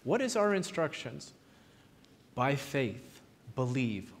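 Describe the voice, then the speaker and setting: A man preaching a sermon, retelling Bible stories with lively, animated delivery and quoting the figures in his own voice. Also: mid-range voice, takes it slowly, slight background noise. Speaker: pastor. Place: church sanctuary. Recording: long hall reverb in a church.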